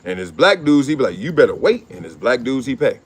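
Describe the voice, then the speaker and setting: A man's voice: mid-range voice, lively intonation, fairly quick. A middle-aged man hosting his own show, riffing in slangy casual commentary, laughing often and acting out quotes. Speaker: show host.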